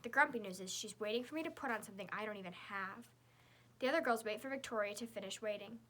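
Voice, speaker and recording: A woman narrating a children's chapter book in the first person, in a lively, girlish storytelling voice. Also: mid-range voice, fast talker. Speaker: audiobook narrator.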